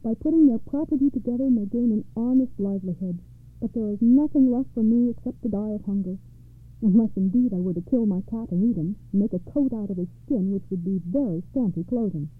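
A woman's voice: medium pitch, brisk, natural voice. A woman reading the part of a poor young miller's son who grumbles gloomily. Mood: gloomy. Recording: tinny phone-like audio.

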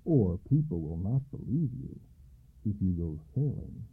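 A man hosting a radio story program and reading a tale aloud in an expressive, dramatic way. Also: fairly low pitch, measured pace, creaky, breathy edge. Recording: tinny lo-fi radio broadcast.

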